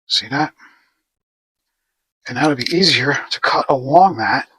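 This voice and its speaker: Man hosting a garage DIY video, unhurried, husky and bright, rambling and self-mocking. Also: mid-range voice, animated, no room sound. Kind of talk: casual how-to narration while working. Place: home garage workshop.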